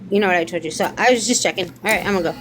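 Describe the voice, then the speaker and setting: A woman guest on a livestream, speaking from a distance in hurried, trailing asides. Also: on the low side, background noise. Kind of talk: casual chat.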